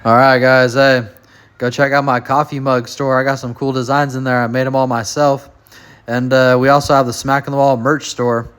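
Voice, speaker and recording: A man's voice: medium pitch, little pitch movement, moderate pace, a bit bright, clear, resonant tone. A man hosting a reaction show, giving laid-back commentary. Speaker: show host. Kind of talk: casual commentary to camera.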